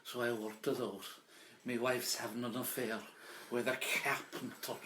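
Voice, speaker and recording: A man's voice: medium pitch, little pitch movement, normal speed, pushed and bright, a little hiss or hum. A man doing a stand-up routine of pub jokes, rambling through his stories with lots of restarts and fillers. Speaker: comedian. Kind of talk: stand-up pub joke telling.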